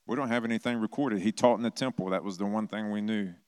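A middle-aged pastor delivers his sermon in a loose, conversational manner, slipping into quick impressions for the stories he tells. His voice sits on the low side. The sound is dry and close to the mic. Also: darkish tone, clear, resonant tone, dry recording. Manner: conversational, acts out quoted voices, self-deprecating humor.

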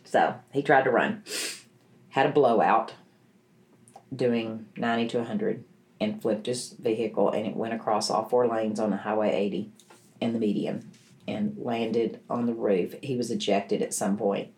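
A woman's voice: very deep voice, steady tone, moderate pace, darkish tone. A middle-aged woman, a guest in an interview, telling her personal story in an earnest, emotional way, often restarting her sentences. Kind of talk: personal testimony in conversation.

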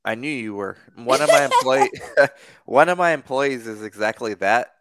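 A man's voice: medium pitch, normal speed, a bit bright, no room sound. A man hosting a podcast, chatting in an easygoing, agreeable way. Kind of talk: casual conversation.

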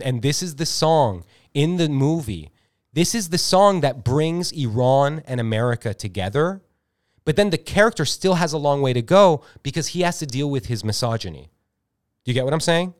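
A man's voice: mid-range voice, very animated, moderate pace. A man co-hosting a podcast, improvising a comic story in a rambling, filler-heavy, self-interrupting way. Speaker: podcast co-host.

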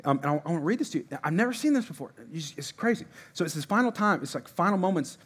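A man's voice: a little high, animated, fast, a bit bright, husky. A middle-aged man preaching a sermon as a pastor, in a conversational way, repeating himself and asking the congregation to respond.

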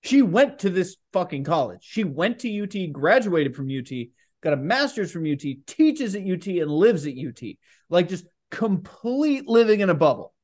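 A young man co-hosting a podcast in casual chat, loose and profane and quick to laugh. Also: high voice, sing-song, darkish tone. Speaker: podcast co-host.

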